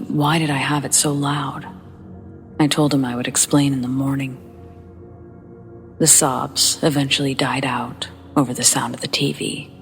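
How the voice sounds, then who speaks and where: A woman with a low, gravelly voice narrates true horror stories for a podcast. She keeps her delivery hushed and slips into half-whispers, with faint music under her. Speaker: podcast host reading listener stories. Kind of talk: scripted horror story narration.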